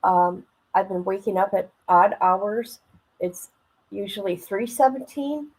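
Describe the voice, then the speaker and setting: A woman's voice: mid-range voice, a little slow, rough recording. A woman hosting a casual livestream from home on her phone, rambling and emotional as she talks to her chat. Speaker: livestream host.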